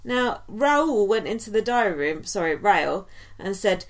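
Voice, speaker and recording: A woman's voice: mid-range voice, big pitch swings, a little slow. A woman, co-hosting a podcast, chatting casually and gossiping, often giggling and quoting people in silly voices. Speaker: podcast co-host. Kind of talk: casual chat.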